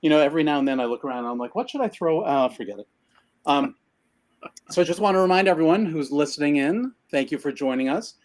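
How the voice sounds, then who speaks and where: Speaking quickly in a slightly high, darkish voice, he co-hosts a live creative business show streamed from his messy home office. The video-call audio catches him breathless, rambling, and poking fun at himself in casual chat.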